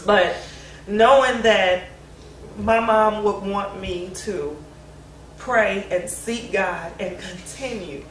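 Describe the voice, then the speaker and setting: A grieving daughter speaks candidly about her late mother in a family conversation, reflective and laughing between her thoughts. Her mid-range voice moves slowly. The mic is distant, the room roomy, and a faint hiss runs underneath.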